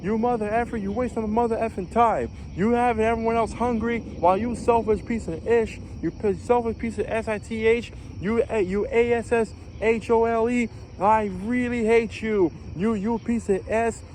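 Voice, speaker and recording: A man acting out a furious male Navy chief who yells and curses at a recruit. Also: steady tone, normal speed, few pauses, a little hiss or hum. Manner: yelling, cursing, high-pitched tirade.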